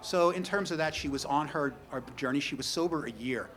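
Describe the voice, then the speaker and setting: A man's voice: fairly high pitch, brisk, fairly bright tone. Rambling middle-aged man telling stories. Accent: New York. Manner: rambling anecdotal, frequent "you know", wry humor. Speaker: speaker at a memorial tribute. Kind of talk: storytelling eulogy.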